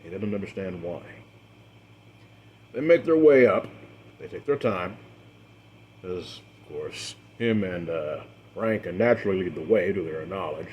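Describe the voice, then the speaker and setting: A man acting as game master, narrating a tabletop role-play story in a measured, dramatic way with the odd filler. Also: deep voice, lively intonation, dull audio, slight background noise.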